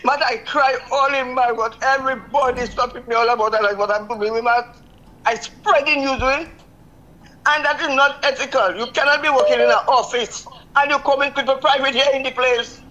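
Older lady calling in to the radio all vexed, high bright voice, keeps repeating herself. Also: fairly even intonation, moderate pace, rough recording. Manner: vexed, repetitive, emphatic. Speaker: caller. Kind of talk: call-in radio complaint.

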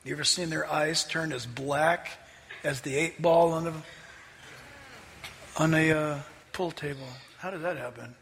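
Pastor guy telling a story in church, high gravelly voice, big echoey hall. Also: measured pace, long pauses, a little hiss or hum. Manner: storytelling, animated, acts out quotes with laughs. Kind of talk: sermon.

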